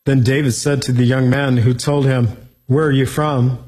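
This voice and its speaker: A man's voice: mid-range voice, level tone, moderate pace, a little mellow, husky, rough recording. A man giving a verse-by-verse Bible teaching, reading scripture aloud and then explaining it plainly.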